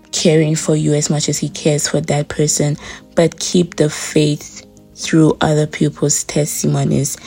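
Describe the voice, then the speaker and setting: A woman's voice: deep voice, dark tone, slightly rough. A woman in her early twenties hosting a faith podcast, urging listeners earnestly and repeating phrases for emphasis. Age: early 20s. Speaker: podcast host.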